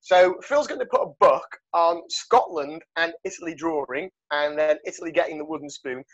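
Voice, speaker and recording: A man's voice: a little high, moderate pace, a bit bright. A man hosting a rugby podcast, joking and rambling with lots of fillers. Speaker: podcast host. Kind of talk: casual rugby chat. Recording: dull lo-fi sound.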